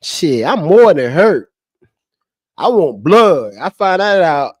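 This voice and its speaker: This streamer's voice runs a little high, with big swings in pitch and a slow pace, captured with studio quality and no room sound. Unscripted, he rants at his chat in a heated, profane way, repeating every point again and again.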